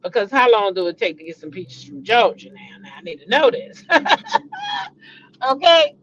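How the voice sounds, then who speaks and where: A middle-aged woman hosting a chatty gossip show, voice sitting at an ordinary middle pitch. She keeps her delivery animated and exclaims dramatically, repeating names for effect. The recording sounds muffled and lo-fi. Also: moderate pace. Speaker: host. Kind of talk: casual gossip chat. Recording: dull lo-fi recording.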